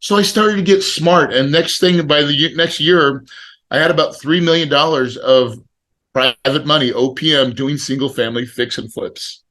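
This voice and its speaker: Bright, animated man telling a story. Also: fairly high pitch, moderate pace. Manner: animated, acts out quoted dialogue. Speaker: podcast guest. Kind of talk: casual storytelling interview.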